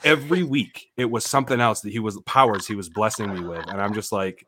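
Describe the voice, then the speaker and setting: Low-voiced man telling a lively story. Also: a little fast, noisy background. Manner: animated, laughing storyteller with loud bursts. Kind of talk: casual storytelling.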